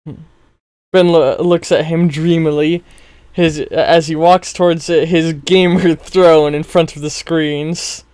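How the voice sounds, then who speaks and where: A man's voice: a little high, fairly even intonation, takes it slowly, darkish tone, smooth, no echo. A man narrating a role-play story as game master, often stumbling over words and laughing at himself. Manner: stumbling, self-mocking, chuckling.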